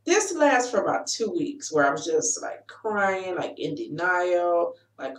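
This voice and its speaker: A woman in her forties shares her personal story straight to camera, speaking earnestly and encouragingly. Her voice sits a little low. It comes from some distance and carries a roomy echo. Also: very animated, moderate pace. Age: 40s. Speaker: life coach sharing her story.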